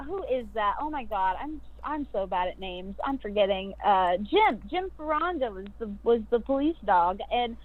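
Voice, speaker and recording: A woman's voice: a little high, lively intonation, normal speed, hardly any pauses. A voice actress guest chatting casually and bubbly, giggling and acting out her character's lines. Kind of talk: casual chat on a video call podcast. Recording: tinny phone-like remote audio.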